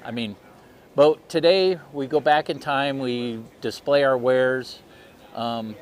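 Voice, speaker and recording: A man's voice: medium pitch, takes it slowly. A middle-aged man, a guest reenactor talking in an easygoing, plain-spoken way. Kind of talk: casual interview.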